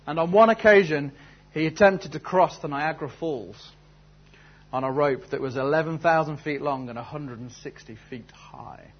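During a church service, a man preaches a sermon, telling a story before moving into earnest, searching questions. His voice is fairly high and moves at a moderate pace, and the recording is muffled with a little hiss or hum.

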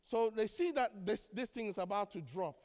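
A man preaching a sermon as pastor, animated and joking, acting out the voices of the people he quotes. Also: high voice, normal speed, in a large hall. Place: church.

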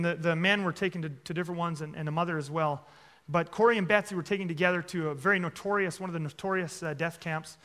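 Guy preaching in church, high ringing voice, chatty asides, pokes fun now and then. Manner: animated, frequent "okay?" asides, playful mockery. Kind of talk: sermon storytelling.

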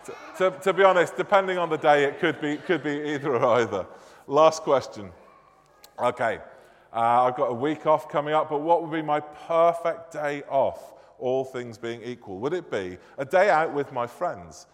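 A church minister in his thirties from Manchester, England, with a Northern English, Mancunian accent, runs a playful quiz during a service. His voice is on the high side, animated and moderately paced, as he chats with the congregation in a jokey, self-deprecating way. Long church reverb fills the hall or nave.

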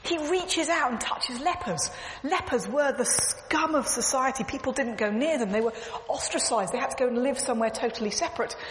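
A woman speaking at church delivers an earnest, emphatic sermon, repeating phrases as she tells stories. Her high-pitched voice moves a little fast with hardly any pauses, captured on a clip-on mic in an echoey hall with faint background noise.

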